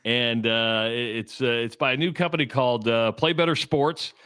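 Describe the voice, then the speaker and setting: A man's voice: medium pitch, steady tone, normal speed, sharp tone, smooth, no room sound, clean studio sound. A man co-hosting a sports talk radio show, chatting casually and joking at his own expense. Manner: joking and self-deprecating. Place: radio studio.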